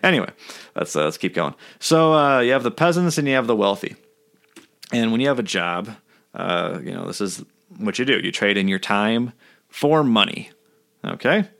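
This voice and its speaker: A man's voice: fairly low pitch, expressive, normal speed, gravelly, a bit bright. A man giving a casual explainer over his own drawings, blunt and sardonic, with some swearing. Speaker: video essayist.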